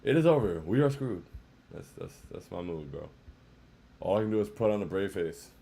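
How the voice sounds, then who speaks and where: A man's voice: lowish voice, lively intonation, normal speed, creaky, dark tone, breathy edge. A man hosting a casual postgame livestream, sounding dejected, saying "bro" a lot and reading chat comments aloud. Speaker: livestream host.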